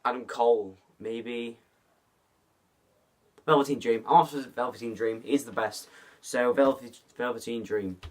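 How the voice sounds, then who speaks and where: A man's voice: medium pitch, unhurried. A man hosting a casual vlog, rambling through predictions with restarts and putting on mock fright. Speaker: host. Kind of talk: casual vlog commentary and spoof skit.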